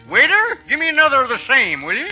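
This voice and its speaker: An actor playing a boisterous, tipsy American rancher in 1940s radio drama, folksy and whooping with laughter. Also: male voice, very high voice, exaggerated voice. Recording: muffled old radio broadcast.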